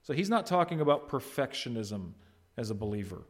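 A man preaching a sermon, swinging between loud, emphatic peaks and quiet asides, and asking the congregation questions. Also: medium pitch, very animated, a little fast. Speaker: pastor.

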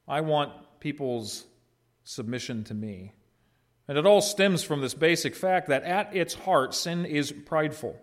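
A man preaching a sermon as pastor, in a conversational way, putting questions to his congregation and answering them himself. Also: fairly high pitch.

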